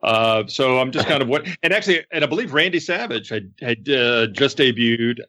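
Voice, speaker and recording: A man's voice: mid-range voice, animated, moderate pace, pushed and bright. A man hosting a podcast, asking long, detailed questions full of dates and names. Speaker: podcast host. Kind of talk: casual interview.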